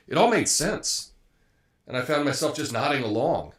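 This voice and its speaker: A man's voice: fairly high pitch, expressive, normal speed, fairly bright tone. A man hosting a live commentary show, talking through the news in a conversational way, with frequent fillers and restarts. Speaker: host.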